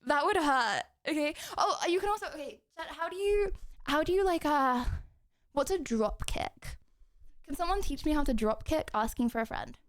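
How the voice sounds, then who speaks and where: A young adult woman streamer chatting with her viewers in her home kitchen, excitable and joking, out of breath from standing and kicking. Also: high voice, moderate pace. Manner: bubbly, excitable, joking with chat. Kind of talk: casual live-stream chat. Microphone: streaming mic, wearing headphones.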